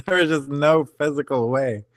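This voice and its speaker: A man's voice: a little high, normal speed, dry recording. A man on a junk removal crew, chatting casually and laughing often while he tells what happened. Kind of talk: casual group chat.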